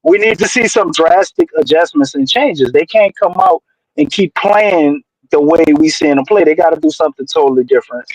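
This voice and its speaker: A man with a notably high voice talks bluntly in slang about his team. He sounds close to the mic in a dry recording. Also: animated, normal speed, no echo, poor audio. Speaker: co-host. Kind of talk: casual sports chat.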